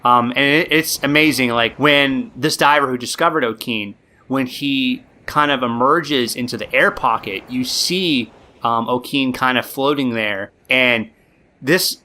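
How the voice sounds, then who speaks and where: A male podcast host tells a story in a loose, rambling way, full of likes and ums. His voice is bright and forceful, at a middle pitch. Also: unhurried. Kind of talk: casual storytelling.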